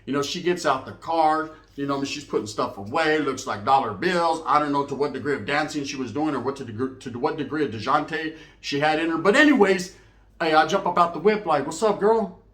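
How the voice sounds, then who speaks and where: High-voiced slangy man telling a story. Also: a little fast, fairly bright tone. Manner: slangy, rambling, keeps asking "right?". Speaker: storyteller host. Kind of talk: comic bedtime story monologue. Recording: echoey room.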